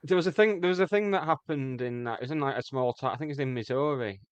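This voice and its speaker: Fast-talking man, dry studio sound. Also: medium pitch, smooth, no room sound, dull audio. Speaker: podcast co-host. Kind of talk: casual comedic chat.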